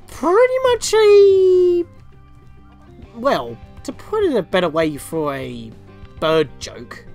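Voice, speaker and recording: A man's voice: a little high, huge pitch swings, unhurried, gravelly, soft background music. A man giving casual walkthrough commentary on a video game, rambling, laughing and easily exasperated. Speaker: gaming commentator.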